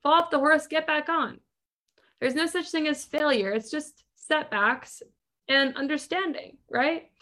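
A woman with a high-pitched, sharp-toned voice speaks unhurriedly as she hosts a podcast. A business coach, she delivers an emphatic motivational monologue to listeners, full of repetition and rhetorical questions.

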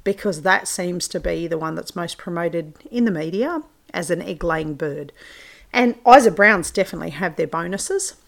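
A woman's voice: on the low side, expressive, moderate pace, gravelly. A woman hosting her own farming podcast, talking in a chatty, informal way with plenty of fillers. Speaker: podcast host and farmer. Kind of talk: solo podcast talk.

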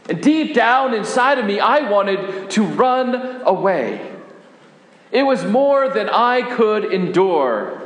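Grieving devoted Mary, played by a man, high-pitched, slow and halting, tearful, roomy church reverb. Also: full character voice. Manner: halting, emotional, tearful storytelling. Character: grieving woman disciple Mary, devoted and fearful. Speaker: pastor. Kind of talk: first-person dramatic sermon monologue. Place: church sanctuary. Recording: echoey church hall, long reverb.

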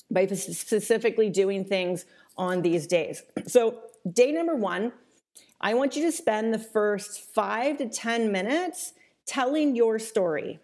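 Mellow-voiced woman coaching casually. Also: mid-range voice. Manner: casual and chatty, many fillers and mild swearing. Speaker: online business coach. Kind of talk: webinar training talk.

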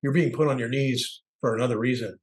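A man's voice: medium pitch, steady tone, quick pace, low-quality recording. Candid middle-aged man, reflective podcast talk. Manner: candid, searching, acts out quoted voices. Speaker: podcast co-host.

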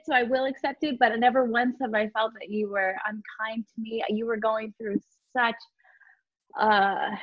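Effusive woman host, slightly high pitch, dry close sound. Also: no room sound, muffled recording. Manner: gushing, effusive. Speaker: podcast host. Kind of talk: warm podcast conversation.

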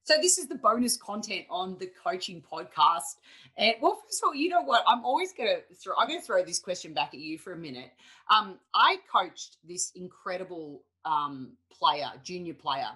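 A middle-aged woman hosting a coaching podcast, telling stories in a lively, animated way with quick asides. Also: on the low side. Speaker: podcast host, tennis coach. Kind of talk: casual interview chat.

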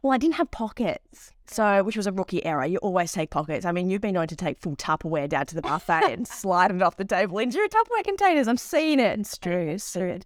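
A woman co-hosting a podcast, telling an embarrassing travel story in a lively, animated way and acting out the people in it. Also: mid-range voice, quick pace, few pauses, no echo, clean studio sound. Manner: animated storyteller, acts out voices in anecdotes. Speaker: podcast co-host. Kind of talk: casual chat.

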